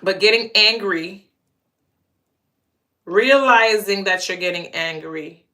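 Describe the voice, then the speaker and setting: A woman talks straight to her audience in a loose, casual storytelling monologue. Her voice is bright and forceful. She drives each point home by saying key lines two or three times. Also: mid-range voice, takes it slowly. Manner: emphatic, repeats phrases for punch. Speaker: channel host.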